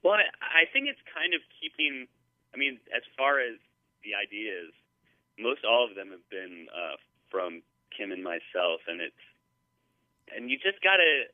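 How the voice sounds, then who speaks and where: A man's voice: on the low side, very animated, a little slow, dry recording. A male musician guest telling stories in a casual interview, rambling with lots of fillers and restarts. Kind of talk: casual interview over the phone. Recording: tinny phone line, dry.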